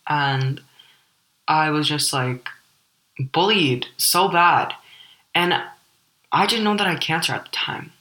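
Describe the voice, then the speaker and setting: A teenage girl from Ukraine with a deep voice, hosting a personal podcast and telling her story in a candid, rambling way full of "like" fillers. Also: slow pace, long pauses, pushed and bright, reverberant, rough recording. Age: teens. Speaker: podcast host.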